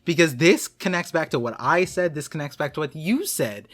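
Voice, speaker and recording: A man's voice: a little high, animated, moderate pace, a bit bright. A man talking as a guest in a casual chat, explaining in a rambling way with lots of fillers. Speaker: guest co-host.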